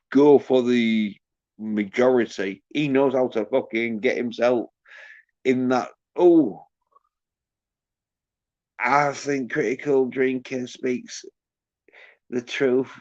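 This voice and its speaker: A man's voice: medium pitch, steady tone, slow pace, long pauses, a little mellow, dry recording. A man hosting a livestream, ranting crudely and mockingly while reading out the chat. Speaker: livestream host. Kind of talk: casual livestream rant. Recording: dull lo-fi stream audio.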